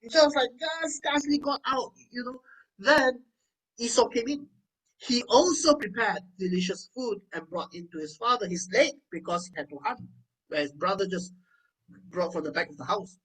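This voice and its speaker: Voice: mid-range voice, lively intonation, normal speed, a bit bright, husky, far from the mic, low-quality recording. A preacher giving a sermon, reading scripture aloud and breaking in with chatty asides.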